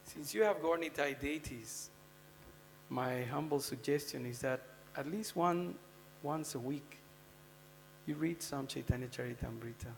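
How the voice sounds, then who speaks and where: Guy with a kinda gravelly voice doing a scripture class, chatty, keeps asking the crowd stuff, long temple echo, little hum. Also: medium pitch, a little slow. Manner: conversational, quizzing the audience with "huh?" and "you know?". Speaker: speaker giving a scripture class. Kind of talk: devotional scripture lecture. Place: temple hall. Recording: long hall reverb with faint mains hum.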